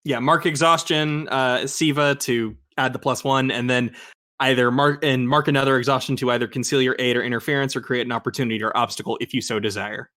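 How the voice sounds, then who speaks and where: A man narrating as game master of a tabletop game, often laughing at himself and filling pauses with ums. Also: medium pitch, steady tone, bright, forceful tone. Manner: laughs often, self-deprecating, many fillers.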